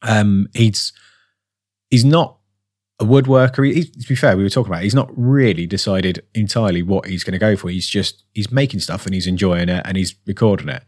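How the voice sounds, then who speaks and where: A man's voice: lowish voice, brisk, a little mellow, dry recording, clean studio sound. A tired man from England co-hosting a podcast in casual chat, rambling with lots of fillers and restarts. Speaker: podcast co-host.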